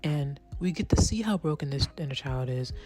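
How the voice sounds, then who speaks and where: A woman's voice: sits low, animated, a little fast, mellow. A woman chatting casually as she recaps a TV series, peppering her talk with "right?" and the odd swear word, over faint background music. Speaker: show reviewer.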